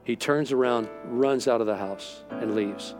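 A middle-aged pastor delivers a sermon over music, his voice medium in pitch and his pace measured. He tells stories and acts out the dialogue of the people in them.

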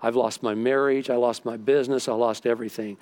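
A man's voice: medium pitch, fairly even intonation, a little fast, a little mellow. A middle-aged male pastor preaching a sermon. He tells stories and acts out what people said. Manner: storytelling, acts out quoted dialogue.

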